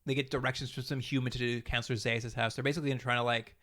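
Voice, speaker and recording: A man's voice: mid-range voice, level tone, sharp tone. A man co-hosting a podcast, recapping an episode in a rambling, casual way and acting out the characters' lines. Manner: fast, rambling retelling with acted-out quotes and laughs. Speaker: podcast co-host.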